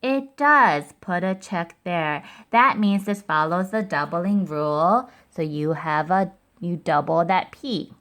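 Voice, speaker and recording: A woman's voice: fairly low pitch, slow, hardly any pauses, a bit bright. A woman teaching a recorded phonics lesson to first graders, explaining spelling rules step by step in a patient way.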